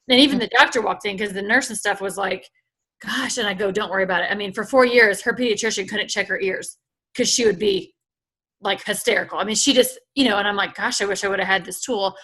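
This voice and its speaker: A woman in her thirties or forties, chatting casually with viewers and telling stories in an animated way as she recaps a convention. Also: medium pitch. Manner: chatty, animated storytelling, addresses viewers as "you guys". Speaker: host recapping a sales convention.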